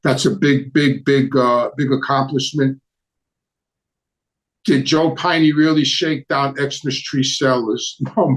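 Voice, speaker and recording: A middle-aged man talks at home, hosting a casual live stream. His voice sits at an ordinary middle pitch. He rambles, repeats his words and talks in a blunt street manner. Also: rough recording. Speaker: host. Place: home with a Christmas tree.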